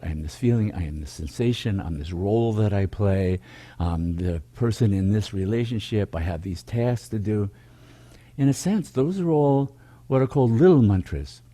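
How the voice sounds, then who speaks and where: A man leading a meditation program over a video call, speaking slowly and contemplatively in repeated rhythmic phrases. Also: fairly low pitch, warm tone. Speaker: meditation teacher. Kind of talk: spiritual teaching talk.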